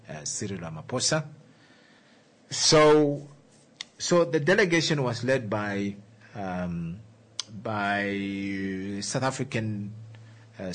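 A man from Namibia hosting a radio talk show, talking in an animated way, with many rhetorical questions and fillers. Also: on the low side, slightly rough.

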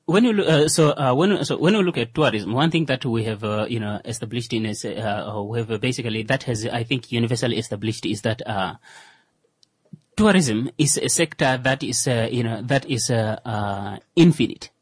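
A man talks through a casual radio discussion, stopping and restarting often and filling the gaps with fillers. His voice is husky and a little rough. The sound is dry and close, with no room around it. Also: medium pitch, normal speed, no echo. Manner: hesitant, many fillers and restarts. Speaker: co-host.

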